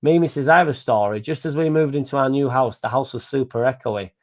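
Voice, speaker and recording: A man's voice: medium pitch, fast. A young man hosting a casual live stream, reading out comments, swearing freely and stumbling over names.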